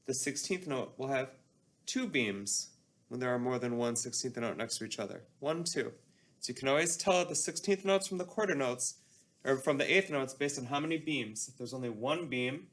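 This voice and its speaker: A man's voice: medium pitch, fairly bright tone. A man teaching a music class, explaining patiently and leading call-and-response chanting.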